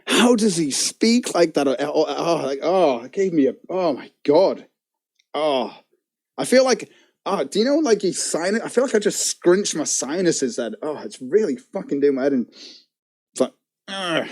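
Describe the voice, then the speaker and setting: A man's voice: a little high, a little mellow. A man streaming live and commenting casually in a profane, giggly, mocking way.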